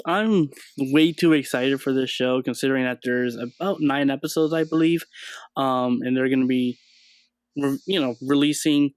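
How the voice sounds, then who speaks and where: A man's voice: medium pitch, smooth, no room sound. Easygoing man chatting about shows. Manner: easygoing, thinking aloud with many fillers. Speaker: channel host. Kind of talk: casual pop-culture chat.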